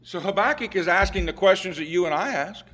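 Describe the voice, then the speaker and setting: A male preacher with a high, bright voice delivers a sermon in an easygoing, conversational way. He stumbles and restarts now and then, and he builds to loud, emphatic pleading when he takes on the prophet's words. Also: lively intonation, fairly quick.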